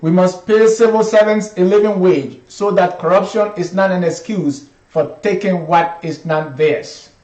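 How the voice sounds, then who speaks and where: A man's voice: high-pitched, a little slow, hardly any pauses, darkish tone. A man with a Liberian accent, reading a list of promises aloud in a declamatory way. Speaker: reader of promises. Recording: distant echoey lo-fi line.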